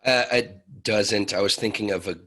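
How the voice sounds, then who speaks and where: A man's voice: on the low side, steady tone, moderate pace, a bit bright. A man guest on a podcast, telling travel stories in a laid-back, casual conversational way. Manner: laid-back storytelling with loose phrasing.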